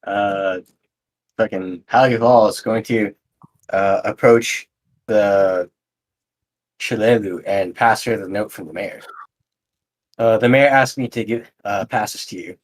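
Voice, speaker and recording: Young male player, lowish voice, stops and starts a lot. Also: poor audio. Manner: halting, many fillers.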